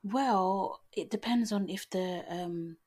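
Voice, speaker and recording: A young woman in casual podcast chat, easygoing and quick to laugh as she explains things plainly. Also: mid-range voice, a little mellow, slightly rough.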